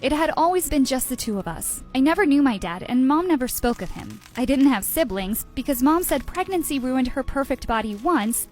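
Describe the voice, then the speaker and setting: A woman narrating a first-person storytime tale in an even, measured way. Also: high voice. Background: background music.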